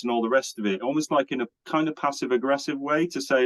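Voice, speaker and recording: A man's voice: mid-range voice, quick pace, low-quality recording. A man hosting a podcast, talking earnestly and at length about self-love and boundaries. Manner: earnest, rambling, acts out quoted voices. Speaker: podcast host. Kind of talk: casual spiritual chat.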